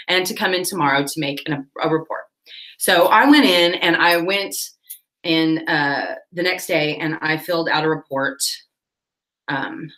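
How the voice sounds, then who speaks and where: A woman chatting casually on her livestream, telling a rambling story with quick laughs while she cleans her tack. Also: on the low side, fairly bright tone. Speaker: livestream host.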